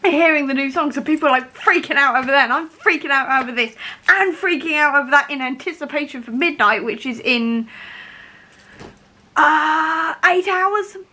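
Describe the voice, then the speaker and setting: A young woman vlogging at home about a book she is reading, talking in an excitable, rambling way with many fillers, into a camera mic. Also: sits high, fast talker. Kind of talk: casual reading vlog.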